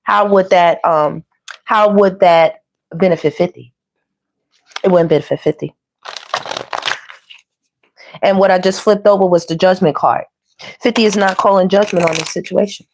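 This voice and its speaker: A woman's voice: fairly low pitch, normal speed, long pauses, noisy background. Chatty woman doing a tarot reading. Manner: chatty, animated, slangy, addresses viewers as y'all. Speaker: tarot reader. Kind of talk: casual tarot reading monologue.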